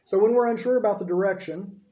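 A man with a fairly high, mellow voice delivers a sermon in a relaxed, conversational way, often checking in with the people listening. He sounds like he is in a church sanctuary, with a roomy echo around him. The recording itself is dull and lo-fi. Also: quick pace. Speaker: pastor. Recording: echoey room, dull lo-fi sound.

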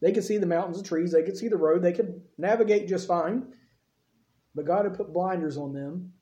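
Pastor guy preaching, lively storyteller, soft warm tone, echoey church sound. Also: high-pitched, normal speed. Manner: animated storytelling, acts out quotes. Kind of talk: sermon.

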